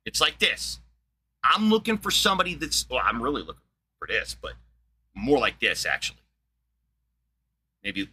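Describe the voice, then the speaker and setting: Blunt, profane man with a bright voice. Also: medium pitch, breathy edge. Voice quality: wheezy laugh. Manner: blunt, profane, excitable, laughs often. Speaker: livestream host. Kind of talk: casual livestream rant.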